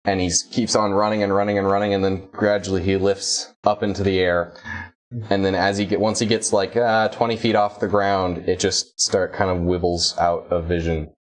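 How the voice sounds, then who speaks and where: A man with a lowish voice runs a tabletop game, describing scenes for his players. He narrates in halting bursts, full of fillers and restarts. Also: level tone. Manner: hesitant, filler-heavy narration. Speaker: game master.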